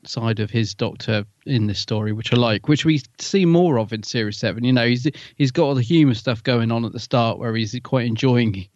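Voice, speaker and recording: A man's voice: medium pitch, brisk, few pauses, no echo. A man co-hosting a podcast, chatting casually about an episode in a thoughtful, musing way that often trails off. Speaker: podcast co-host. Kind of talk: casual chat reviewing an episode. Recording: dull lo-fi dry recording.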